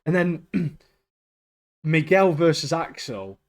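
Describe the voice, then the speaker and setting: A man co-hosts a laid-back podcast chat, his voice fairly high and expressive as he speaks slowly. He's enthusiastic, sprinkling "mate" and "like" throughout his sentences.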